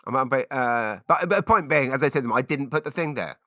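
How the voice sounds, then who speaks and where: Bright-voiced rambling man. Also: medium pitch, lively intonation, fast, no echo, clean studio sound. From Britain. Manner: rambling, self-mocking, many restarts. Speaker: podcast host. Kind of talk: casual solo podcast monologue.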